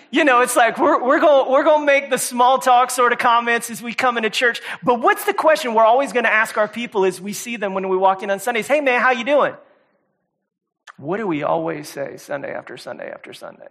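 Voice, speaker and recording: A man preaching a sermon as a guest speaker, talking casually and repeating words, swinging between loud emphatic stretches and quiet soft ones. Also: a little high. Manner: conversational, repeats words and says "y'all" often. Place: church service.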